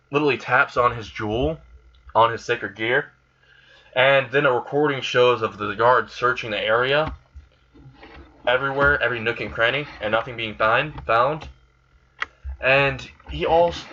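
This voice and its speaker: A man's voice: mid-range voice, measured pace, bright, forceful tone. A man casually retelling a fan what-if story in a rambling, crude way. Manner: rambling, crude, laughs at his own plot. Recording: slightly dull recording with faint hiss.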